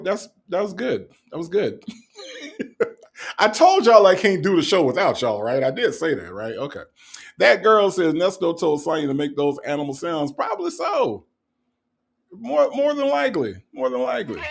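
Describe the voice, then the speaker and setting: A man with a gravelly, creaky voice hosts a casual livestream in a slightly high register. His pitch swings widely as he reads viewer comments aloud and mocks them, laughing often and repeating lines. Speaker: livestream host reading chat.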